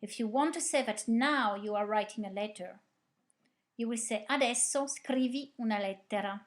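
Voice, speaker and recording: A female language teacher, calmly reciting verb conjugations and explaining grammar, asking the class questions and praising them. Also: a little high, normal speed. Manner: repeats drills patiently, asks the class questions and praises. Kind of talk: slow, clear conjugation drill with explanations.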